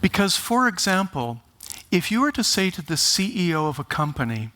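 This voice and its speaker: A man giving a conference talk, speaking deliberately and with emphasis, opening with wry jokes. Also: sits high, sing-song, sharp tone. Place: conference stage.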